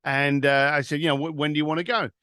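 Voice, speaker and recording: A man's voice: a little high, steady tone, quick pace, pushed and bright, clear, resonant tone, no room sound. A man, a guest telling an anecdote in an interview. He acts out both sides of a phone call. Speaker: guest, author. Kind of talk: storytelling interview.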